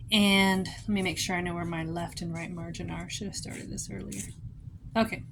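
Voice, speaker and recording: A woman in her fifties giving a casual show-and-tell craft tutorial at a table at home, chatty and rambling, with sudden bursts of excitement. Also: medium pitch, a little hiss or hum. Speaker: craft vlogger.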